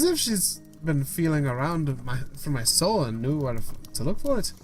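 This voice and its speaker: A man's voice: on the high side, sing-song, normal speed, hardly any pauses, soft background music. A man hosting a gaming video, reading a story game aloud with stumbles, restarts and side comments.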